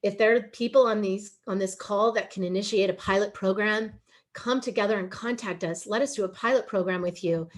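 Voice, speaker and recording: A woman's voice: mid-range voice, a little fast. A middle-aged woman giving a webinar presentation over a video call, earnest and emotional, pleading at times.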